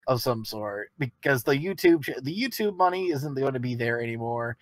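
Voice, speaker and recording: A man's voice: mid-range voice, lively intonation, moderate pace, dry recording. A man co-hosting a wrestling podcast in casual chat, joking and swearing, rambling with restarts. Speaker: podcast co-host.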